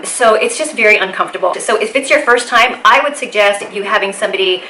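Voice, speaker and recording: A woman's voice: medium pitch, fast, hardly any pauses, pushed and bright, roomy sound, slight background noise, low-quality recording. A woman vlogger talking casually to camera, explaining carefully, with a slight lisp from a bitten tongue.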